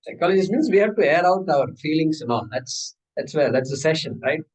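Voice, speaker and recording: A man with a slightly high, husky voice teaches a scripture class at a fairly quick clip, though the audio quality is poor. He's conversational and playful, acting out little dialogues and tossing out rhetorical questions.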